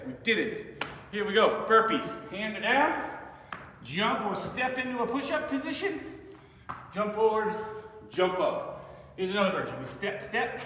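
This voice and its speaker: A man's voice: high-pitched, sharp tone, recorded from a distance, a little hiss or hum. A male fitness instructor leading a workout class, upbeat and encouraging, slightly out of breath as he moves and cues breathing. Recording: echoey hall, voice from afar.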